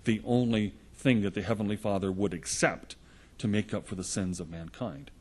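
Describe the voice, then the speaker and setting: Male preacher, husky timbre, earnest storytelling sermon delivery. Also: on the low side, steady tone, moderate pace, darkish tone. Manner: earnest storytelling, retelling gospel scenes in the present tense.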